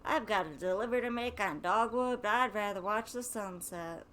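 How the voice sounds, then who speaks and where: A woman's voice: medium pitch, moderate pace, fairly bright tone, close to an everyday voice. A woman reading as a tired delivery driver. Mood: calm. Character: tired male delivery driver, road-weary and dreamy.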